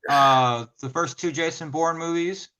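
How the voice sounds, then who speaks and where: A man co-hosting a casual film chat, joking with quick asides. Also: fairly high pitch, steady tone, bright, forceful tone, clean tone. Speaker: podcast co-host.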